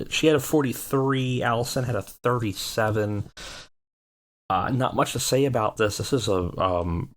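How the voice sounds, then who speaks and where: A man hosting a casual let's play series, chatting through his wrestling booking game. His voice sits low, and he rambles with frequent ums and uhs. The talk is loose and unscripted.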